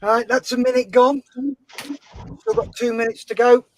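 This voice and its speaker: High-voiced upbeat male auction host. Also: fairly even intonation, a little mellow, low-quality recording. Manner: brisk and upbeat, reads out chat comments and counts down time. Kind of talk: live-stream auction hosting.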